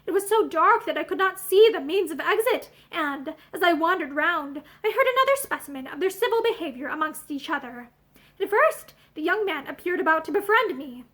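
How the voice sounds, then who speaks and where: A woman reading a classic novel aloud in an expressive, animated way, seated indoors before a camera. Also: extremely high pitch, a little fast. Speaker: audiobook reader.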